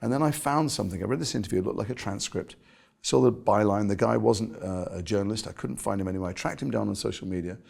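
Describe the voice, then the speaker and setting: A British actor telling stories in an interview, animated and self-mocking. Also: male voice, lowish voice, quick pace, gravelly, breathy edge. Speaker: actor guest. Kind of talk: conversational interview.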